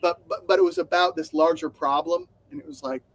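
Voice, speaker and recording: A man's voice: sits high, fairly even intonation, brisk, creaky, no echo. A man co-hosting a podcast, chatting animatedly, swearing and acting out quotes in funny voices. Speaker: podcast co-host. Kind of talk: casual news chat.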